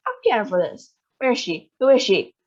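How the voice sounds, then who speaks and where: Loud, greedy boy-turned-mouse, shouting and indignant, as a woman reader puts him on; high, lo-fi sound. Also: sing-song, a little fast. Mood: furious. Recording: dull lo-fi sound.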